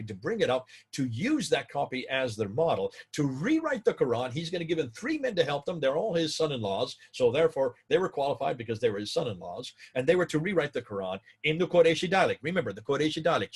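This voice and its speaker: Emphatic man lecturing, husky voice. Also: medium pitch. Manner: emphatic, repeats points, rising to excited peaks; addresses viewers directly.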